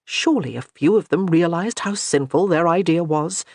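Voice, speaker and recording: A woman narrating a historical romance audiobook in an expressive storytelling manner. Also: lowish voice, normal speed, no room sound.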